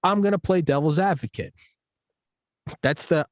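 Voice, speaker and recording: A man chatting as a podcast guest in a loose, rambling way, cursing often and playing out made-up exchanges. His voice sits at a middle pitch. The sound is dry and close, with no room echo. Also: normal speed. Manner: profane, rambling, animated with acted-out examples. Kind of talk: casual podcast conversation.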